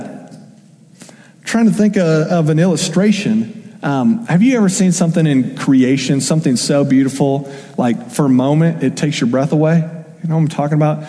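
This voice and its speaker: A young man delivers a sermon in a chatty, animated way, tossing questions at his listeners. His voice sits high but sounds mellow and soft-edged. A long reverb trails each phrase, as in a large hall. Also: moderate pace. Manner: conversational, animated preaching with asides. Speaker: pastor.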